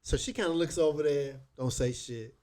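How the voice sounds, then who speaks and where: A man co-hosting a casual podcast. He tells stories in an animated, profane way. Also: on the high side, moderate pace. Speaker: podcast co-host. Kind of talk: casual chat, storytelling.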